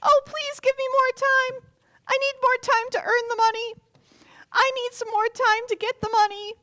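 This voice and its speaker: A woman's voice: very high voice, flat delivery, moderate pace, a bit bright, a little hiss or hum, voice pushed up. A woman voicing a desperate male servant who pleads for more time to pay a debt, in a strained, begging tone. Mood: pleading.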